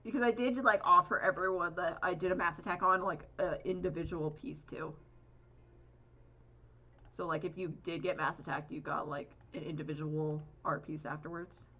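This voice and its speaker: Female streamer, bright voice; loose, chatty, profane live-stream banter while drawing. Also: fairly low pitch, fairly even intonation, normal speed. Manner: rambling, chatty, swears freely.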